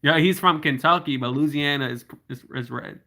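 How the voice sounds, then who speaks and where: A man's voice: a little high, sharp tone. A man hosting a casual livestream, reading out viewer comments and answering them in a chatty way. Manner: slows down to spell out links. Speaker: livestream host.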